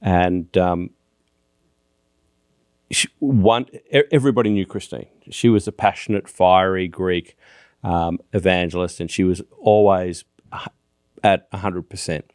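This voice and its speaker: A middle-aged Australian man with a deep, narrator-like voice, chatting as a pastor guest on an interview podcast. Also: measured pace, a little mellow, clean tone, no echo, clean studio sound. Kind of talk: casual interview chat.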